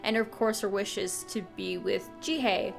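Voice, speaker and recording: A woman's voice: mid-range voice, moderate pace, creaky, faint music behind. A woman casually retelling a game's story as a channel host, chatty and full of fillers and restarts. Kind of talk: casual game story recap.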